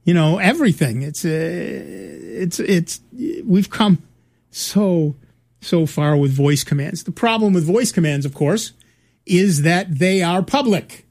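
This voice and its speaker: A man's voice: a little high, lively intonation, takes it slowly, vocal fry, darkish tone. A middle-aged man chatting casually on a show, telling rambling stories with many restarts. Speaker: podcast co-host. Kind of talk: casual chat, storytelling.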